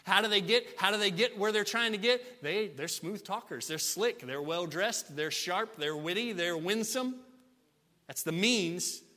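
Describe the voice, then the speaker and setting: A man's voice: sits high, a little slow, sharp tone, long reverb tail. A man preaching a sermon as pastor, emphatic and repetitive, with many rhetorical questions.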